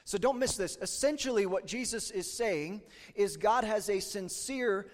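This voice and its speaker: High-voiced man preaching in a hall. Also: unhurried. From Kansas. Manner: folksy, conversational preaching with fillers. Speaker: pastor. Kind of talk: sermon. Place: church sanctuary.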